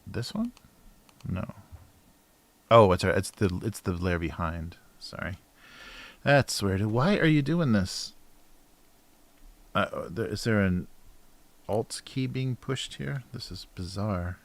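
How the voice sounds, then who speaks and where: Low-pitched male cartoonist, casual livestream chatter while drawing, mumbly, trails off. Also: animated, slow, creaky, long pauses, no echo. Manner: mumbling to himself, trailing off, soft laughs.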